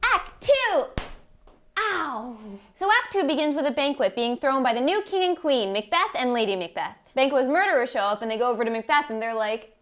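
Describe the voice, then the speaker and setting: Bubbly high-voiced young woman vlogger. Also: fast talker, few pauses. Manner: animated, jokey, bursts into high exclamations. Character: student actor in a play production. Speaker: vlogger summarizing a play. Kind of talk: playful casual summary with acted quotes.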